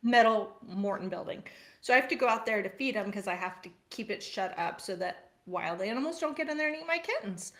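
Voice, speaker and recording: A woman co-host spins a story in easy, chatty conversation. She talks animatedly and laughs often, with a voice of average pitch for a woman. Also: animated, brisk. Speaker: podcast co-host. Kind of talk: casual chat, telling a story. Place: farm household.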